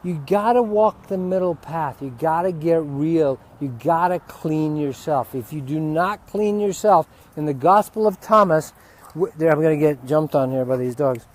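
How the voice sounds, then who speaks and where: A male spiritual teacher talks off the cuff, swearing freely and swinging into loud, heated outbursts. He is outdoors, with dogs close by. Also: on the high side, normal speed, slight background noise. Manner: profane, heated ranting with sudden loud outbursts. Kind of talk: unscripted spiritual teaching talk.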